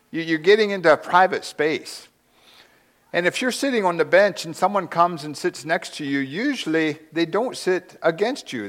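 A male preacher delivers a sermon in a slightly high voice, taking his time. He tells the story with drama, letting his voice sink to a hush and then swell again for emphasis. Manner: slow, dramatic storytelling with hushed drops and rising emphasis.

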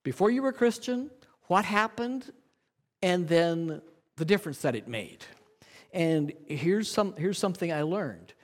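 Male church teacher, high and lively voice, earnest coaching tone, lots of questions to the room. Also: measured pace. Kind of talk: teaching talk to a congregation.

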